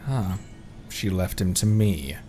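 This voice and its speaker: A man's voice: deep voice, takes it slowly, dark tone, slight background noise. A man streaming a game, joking and reading the dialogue aloud. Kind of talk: casual gameplay commentary. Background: faint game music.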